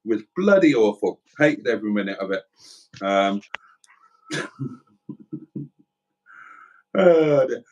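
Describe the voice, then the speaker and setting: Rambling man hosting a livestream. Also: mid-range voice. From South Wales. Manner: rambling, self-deprecating, chatty. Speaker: livestream host. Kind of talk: casual livestream chat reading comments.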